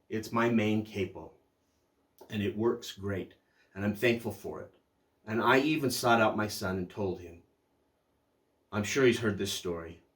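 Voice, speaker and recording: An older man hosting a music channel, telling a personal story in a reflective, unhurried way, with pauses and restarts. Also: on the low side. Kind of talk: casual storytelling review.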